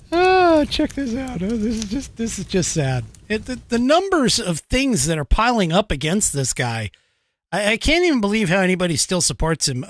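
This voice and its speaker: An American man hosts a casual commentary show, his voice a little high and very animated in pitch. He talks slowly, wanders between thoughts, and keeps breaking into small laughs and fillers. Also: dry recording, clean studio sound. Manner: rambling, chuckling, many fillers and restarts. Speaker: podcast host.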